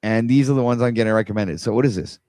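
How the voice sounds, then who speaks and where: A man's voice: mid-range voice, quick pace, warm tone, dry recording. Exasperated rambling male livestreamer. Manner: rambling, exasperated, talks to viewers while scrolling. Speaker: livestream host. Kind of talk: casual livestream commentary.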